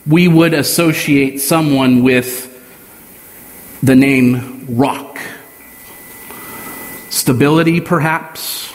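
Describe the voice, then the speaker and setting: A male preacher delivers a sermon in a slow, measured way, leaning on pauses for emphasis. His voice sits a little high for a man. The sound carries a long reverb, as if from a church hall.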